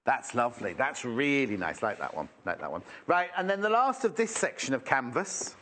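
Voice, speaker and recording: A man's voice: mid-range voice, very animated, normal speed, sharp tone, a little hiss or hum. A man presenting fabrics live on a shopping channel, chatty and rambling as he exclaims over each one. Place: TV shopping studio.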